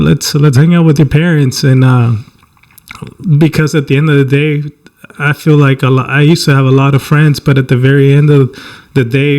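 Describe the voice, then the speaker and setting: A man hosting a podcast speaks in a heartfelt, halting way. He restarts often and fills his pauses. His voice sits at an ordinary middle pitch for a man. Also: a little mellow. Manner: halting, many restarts and fillers, earnest. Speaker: podcast host. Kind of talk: heartfelt casual chat.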